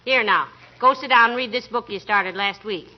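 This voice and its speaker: A woman's voice: fairly high pitch, normal speed, lightly acted. Molly, a woman playing a teasing, patient wife. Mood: affectionate. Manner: gently scolding, dry quips. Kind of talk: 1940s radio comedy acting. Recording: hissy, muffled old radio broadcast.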